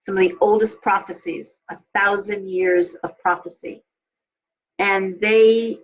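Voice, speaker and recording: A woman's voice: mid-range voice, breathy edge. A woman hosting a casual live stream as a tarot reader, rambling, restarting her sentences and dropping blunt asides. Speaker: tarot reader and show host. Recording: dull lo-fi sound.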